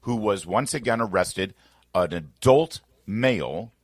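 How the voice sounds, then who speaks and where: A man's voice: fairly low pitch, expressive, a little slow, no room sound. A man hosting a political talk radio show, arguing emphatically with rhetorical questions. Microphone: studio microphone.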